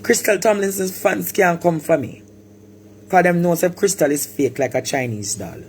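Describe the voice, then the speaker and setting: A man from Jamaica with a Jamaican accent, ranting animatedly on a live stream, repeating words and bursting into shouts. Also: high-pitched, animated, moderate pace, gravelly, a little hiss or hum. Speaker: social media personality.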